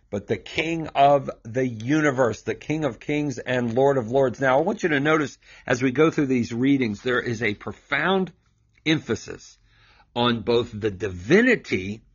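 Husky-voiced man preaching emphatically. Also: medium pitch, lo-fi sound. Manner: emphatic, preacherly, rhetorical questions. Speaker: host of a scripture reflection show. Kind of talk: Bible reading commentary.

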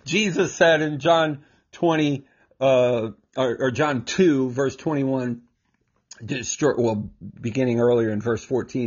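A man teaching scripture in a casual, animated way, acting out quotes and chuckling often, on a slightly muffled recording. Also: on the high side, unhurried, husky. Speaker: Bible teacher.

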